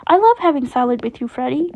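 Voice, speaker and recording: A woman's voice: high-pitched, animated, quick pace, darkish tone, lo-fi sound. A woman doing a bashful wolf girl. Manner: bashful, upbeat.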